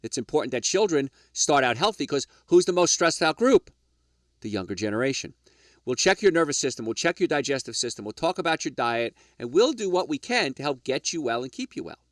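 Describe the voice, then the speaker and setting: Emphatic, animated male radio health host. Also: fairly high pitch, a little fast, dry recording, clean studio sound. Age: middle-aged or older. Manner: emphatic, preachy, rhetorical questions, addresses "folks". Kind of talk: lecture-style health radio talk.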